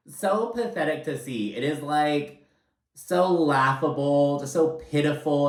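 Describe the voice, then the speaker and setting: A man's voice: on the high side, animated, takes it slowly, roomy sound, low-quality recording. A man giving a casual recap of a reality TV episode, blunt, profane and sarcastic in his asides.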